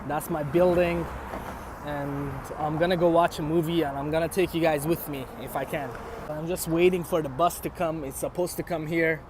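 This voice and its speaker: Young guy vlogging on his phone outside, lots of uhs, slightly high voice, loud city traffic behind. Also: steady tone. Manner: halting, lots of "uh", self-deprecating. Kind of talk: casual walk-and-talk vlog. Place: outdoors in a city, at a bus stop. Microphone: handheld phone. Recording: phone mic with loud street noise.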